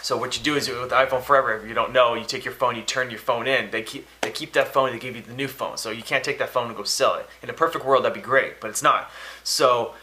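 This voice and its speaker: This male vlogger talks fast with a medium pitch, steady tone, and a bright, forceful delivery, and there's slight background noise. Rambling casually to camera, he recounts a story and often performs the phone dialogue it involves.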